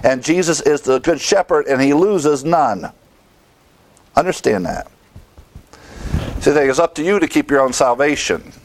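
A man's voice: on the high side, lively intonation, a little slow, long pauses, poor audio. A man teaching from the Bible in a sermon, emphatic, asking his listeners questions and answering them himself.

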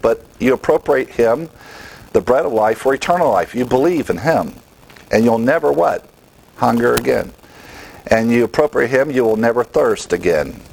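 A man's voice: medium pitch, vocal fry, a little mellow, low-quality recording. A man teaching from the Bible in a sermon, emphatic, asking his listeners questions and answering them himself.

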